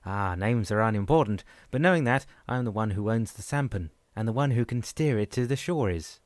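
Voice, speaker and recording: A man's voice: on the low side, expressive, a little fast, dry recording, clean studio sound, lightly acted. Man voicing a stern little wooden-faced boatman. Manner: lecturing, commanding.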